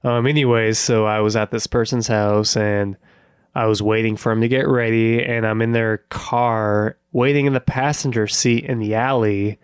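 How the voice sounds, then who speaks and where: A man's voice: lowish voice, little pitch movement, normal speed, smooth. A man spins a loose, rambling story into a podcast mic, leaning hard on filler words and laughing along the way. The sound is dry and close, with no room echo. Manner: rambling, heavy use of "like", laughs often. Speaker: podcast guest. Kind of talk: casual storytelling.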